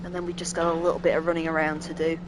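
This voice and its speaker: A woman with a lowish voice talks her way through a horror game, chatty and self-deprecating as she thinks aloud. A faint hiss of background noise sits behind her desk mic. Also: level tone, racing. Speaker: let's play host. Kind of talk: casual gameplay commentary.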